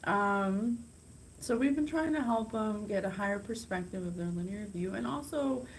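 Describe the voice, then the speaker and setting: A woman hosting a psychic channel, talking casually and excitably straight to her viewers. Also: medium pitch, moderate pace, creaky, slight background noise, poor audio. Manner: chatty, bubbly, gushing and excitable. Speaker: psychic podcast host. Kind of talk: casual direct-to-camera talk.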